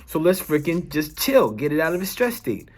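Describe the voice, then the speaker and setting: A man's voice: a little high, big pitch swings, normal speed. A young adult man, a wellness coach, telling a personal story to camera in an earnest, emphatic way, restarting sentences and swearing now and then.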